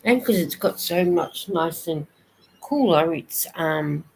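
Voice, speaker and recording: A woman's voice: low-pitched, lively intonation, slow, gravelly, a little mellow, slight background noise, rough recording. An Australian woman chatting casually on a live stream, reading viewers' comments aloud and answering them as she goes.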